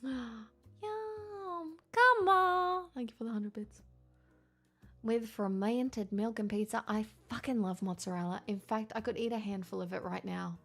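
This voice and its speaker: With faint music in the background, a young woman chats with her livestream viewers and reads their messages, playful and laughing often but very tired. Her mid-range voice is creaky and darkish, holding a steady tone at normal speed.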